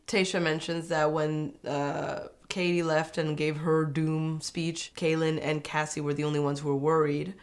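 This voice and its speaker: A woman's voice: steady tone, brisk. Chatty, sarcastic young woman. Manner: chatty, sarcastic, mimics people in high mocking voices. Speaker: reality TV recap vlogger. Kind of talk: casual opinionated recap.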